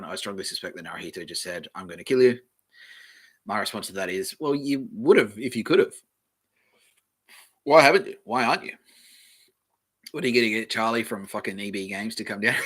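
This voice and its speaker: A man hosts a podcast from home, reading from a screen and breaking off into joking asides. His voice is low and husky with a tense, forceful edge. His words often sink into mumbles. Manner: offhand, joking, trails off into mumbles. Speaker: podcast host. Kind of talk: rambling casual commentary while reading aloud.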